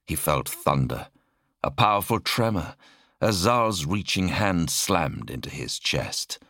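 A man narrating an audiobook in a dramatic, measured reading style. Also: deep voice, animated, pushed and bright, no echo, studio quality. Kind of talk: scripted narration.

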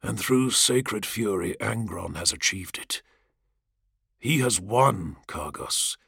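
A man doing a low, soothing warrior-priest. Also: expressive, takes it slowly, gravelly, a bit bright, slightly rough, dry recording, clean studio sound, heavily acted. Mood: solemn. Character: calm, soothing male warrior-priest, grave and earnest.

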